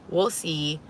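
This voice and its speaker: A woman vlogger telling a story to camera in an animated, profane way, laughing and coughing often. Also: low voice, slight background noise.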